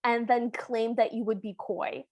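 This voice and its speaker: A woman's voice: a little high, level tone, unhurried, a little mellow, no echo. A woman co-hosting a podcast, recapping the plot with wry, playful sarcasm. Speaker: podcast co-host. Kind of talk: casual chat.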